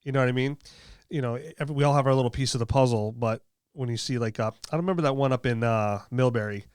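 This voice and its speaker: A man with a smooth, clean voice hosts a relaxed chat in a dry studio sound. He rambles warmly, circling back with fillers as he encourages his guest. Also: medium pitch, fast talker, no room sound. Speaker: podcast host. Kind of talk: casual chat.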